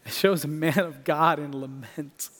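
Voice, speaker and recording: High-voiced preacher in a reverberant hall. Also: male voice, unhurried. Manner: expressive preaching, rising for emphasis and dropping to near hush. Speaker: pastor. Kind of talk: sermon. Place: church sanctuary.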